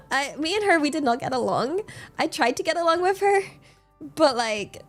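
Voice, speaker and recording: A young woman with a high, bright-sitting voice chats on stream, rambling through a story with lots of fillers. She sounds incredulous and breaks into laughter often. Faint music plays underneath. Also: wildly swooping pitch, measured pace. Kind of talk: casual chat storytelling.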